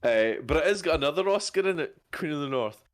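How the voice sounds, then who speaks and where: A man joining as a guest on a casual livestream film chat, jokey and quick with agreement. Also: a little high, lively intonation.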